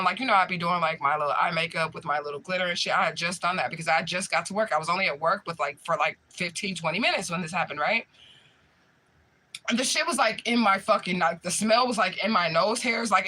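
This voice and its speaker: A young man telling a profane, animated story in casual chat, often laughing as he retells it. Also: sits high, a little hiss or hum. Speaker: spiritual medium livestream host.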